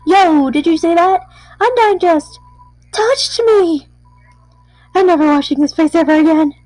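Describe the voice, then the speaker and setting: A woman voicing an excitable young monster kid in a video game, talking in a gushing rush. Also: extremely high pitch, measured pace, no room sound, poor audio. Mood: excited.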